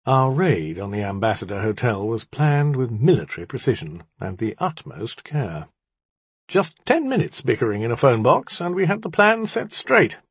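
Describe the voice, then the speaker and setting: A man's voice: mid-range voice, big pitch swings, moderate pace, breathy edge, no echo. A man reading an audiobook, narrating as a wry, boastful male demon in a dry, sardonic tone.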